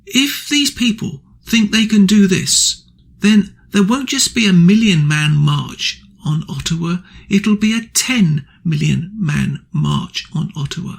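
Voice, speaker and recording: Male radio host, ranting and indignant, with a husky, gravelly edge and a fairly high voice. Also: unhurried. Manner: ranting, indignant, blunt insults. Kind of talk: angry political opinion monologue.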